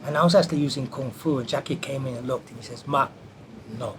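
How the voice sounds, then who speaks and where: A man telling a lively anecdote from his film career in an interview, acting out the quoted voices as he goes. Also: medium pitch, racing, noisy background. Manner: animated anecdote teller who acts out quotes. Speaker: martial artist and film stunt performer. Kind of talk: storytelling in an interview.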